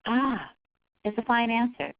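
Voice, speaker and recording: Brief: woman trainer, webinar talk, animated pitch, dry slightly dull audio. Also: a little slow, creaky, no echo. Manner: lively, folksy, with acted quotes. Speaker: fundraising trainer. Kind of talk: webinar presentation.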